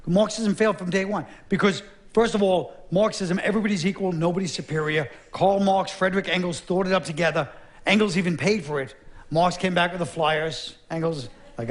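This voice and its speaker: Sardonic middle-aged man doing stand-up. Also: high-pitched. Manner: sardonic, blunt, gruff delivery with quick asides. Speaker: stand-up comedian. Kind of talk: stand-up comedy monologue. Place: theater stage with a live audience. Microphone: stage microphone.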